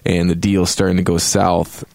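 Low-voiced man in a rambling, profane game review. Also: flat delivery, moderate pace, gravelly, a little mellow, no room sound. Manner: rambling, profane, jokey asides. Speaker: podcast host reviewing a game. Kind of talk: casual spoken game review. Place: home, drinking a beer on a Saturday.

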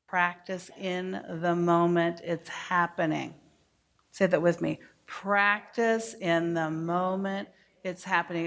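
A middle-aged woman giving a workshop to teachers, speaking deliberately and modeling phrases for the audience to repeat. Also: fairly low pitch. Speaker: early childhood educator giving a workshop.

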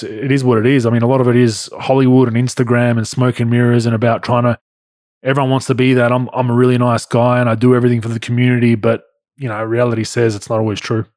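A man's voice: mid-range voice, darkish tone, no room sound, studio quality. A man with an Australian accent, a podcast host chatting casually and reading listener questions, blunt and laid-back. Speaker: podcast host, former pro basketball player.

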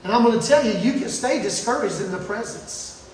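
A man preaching a sermon in a church, swinging from shouting to hushed near-whispers, with playful asides. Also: high voice, lively intonation, brisk. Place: church sanctuary. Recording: very echoey room, mic at a distance.

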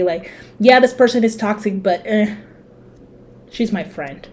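Young woman, podcast co-host, casual chat, animated, swears, acts out scenes. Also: medium pitch, unhurried. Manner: animated storyteller, swears, mimics her mother.

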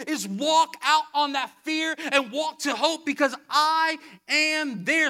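A man preaching a sermon, emphatic, repeating key phrases and swinging between soft, low passages and loud bursts. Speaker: pastor.

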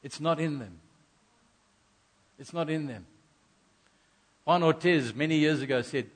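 A man's voice: fairly high pitch, unhurried, pauses often, slightly rough. A middle-aged man from South Africa preaching a sermon, earnest, repeating key phrases and acting out little asides. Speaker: pastor.

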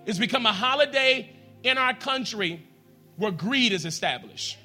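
A pastor preaches in a church with a high, bright, ringing voice. He speaks straight to his congregation and swings between hushed asides and loud, emphatic lines. Faint music plays behind him. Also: normal speed. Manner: addresses the congregation directly, leads them in prayer. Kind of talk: sermon.

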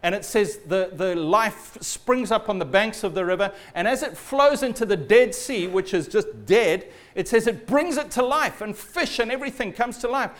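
Man, high voice, sermon, storytelling preacher, trails off low and soft at phrase ends. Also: lively intonation, normal speed, few pauses.

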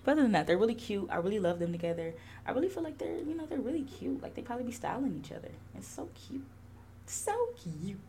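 A woman's voice: fairly high pitch, racing, hardly any pauses, slight background noise. A young woman hosting a podcast, chatting casually with lots of laughter and swearing. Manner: animated, laughing, profane. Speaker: podcast host.

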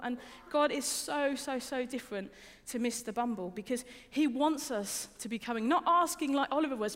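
A woman's voice: high-pitched, normal speed, hardly any pauses, fairly bright tone. A young adult woman giving a conversational sermon, informal and personal, often repeating words and asking the listeners questions. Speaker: preacher. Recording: reverberant hall.

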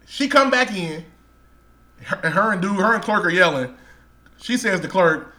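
A young man tells a profane, laughing story on a podcast. His voice sits high and bright, bouncing all over in pitch as he acts out the scene. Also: animated, normal speed. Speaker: podcast co-host. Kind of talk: casual storytelling chat.

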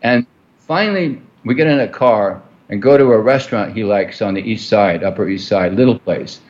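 A man's voice: fairly low pitch, moderate pace, darkish tone, muffled recording. A man being interviewed, telling a long story in a rambling way with many fillers and restarts. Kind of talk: storytelling in a conversation.

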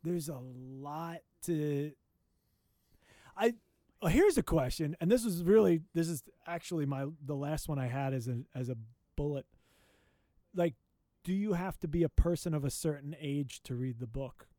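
Animated man in casual book chat. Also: on the high side, normal speed, dry recording. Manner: animated, restarts phrases, swears casually. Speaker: podcast co-host. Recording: dry close mic, remote call.

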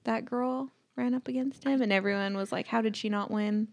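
A woman co-hosting a casual podcast chat, playful and quick to laugh. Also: on the high side, fairly even intonation, gravelly. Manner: giggly, playful, laughs often. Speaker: podcast co-host.

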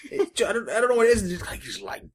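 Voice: mid-range voice, animated, rapid-fire, breathy edge. A podcast co-host with dry, teasing jokes in casual chat.

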